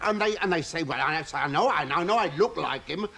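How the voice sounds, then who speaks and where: A man playing a nervous middle-aged postman lookalike who stammers, splutters and makes indignant asides, in a studio sketch with loud audience laughter. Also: fairly high pitch, animated, fast talker, creaky, crowd noise. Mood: flustered. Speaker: sketch comedian. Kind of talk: studio sketch comedy impression.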